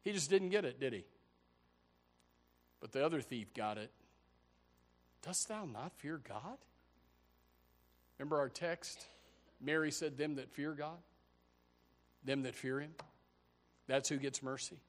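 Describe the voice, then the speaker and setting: A man preaching a sermon, impassioned and building to loud, emphatic peaks. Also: mid-range voice, moderate pace, long pauses.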